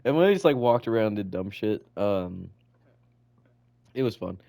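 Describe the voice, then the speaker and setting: A man's voice: fairly low pitch, animated, normal speed, vocal fry, mellow. A teenage boy co-hosting a student podcast, telling rambling stories in casual chat full of "like" and swearing. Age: teens.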